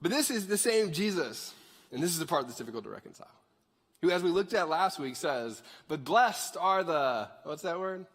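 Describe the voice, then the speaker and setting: A man's voice: fairly high pitch, fairly quick, slightly rough. A male pastor giving a casual, jokey sermon in a church. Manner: animated, conversational, jokey. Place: church sanctuary. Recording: reverberant church hall.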